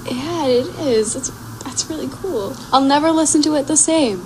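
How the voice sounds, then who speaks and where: A young woman hosting a casual radio interview, upbeat and quick to react, laughing easily. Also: sits high, noisy background. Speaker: radio show host.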